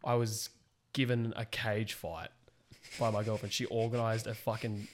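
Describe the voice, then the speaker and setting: A young Australian man co-hosting a podcast, brash and swearing freely as he tells animated stories. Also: fairly low pitch, moderate pace, slight background noise. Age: young adult. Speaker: podcast co-host. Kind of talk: casual banter.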